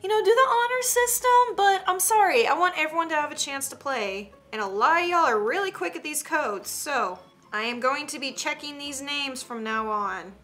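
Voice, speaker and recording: A young woman, commenting on an online game in a chatty, excitable way with gasps and giggles. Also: sits high, normal speed. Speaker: gaming streamer. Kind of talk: casual gameplay commentary.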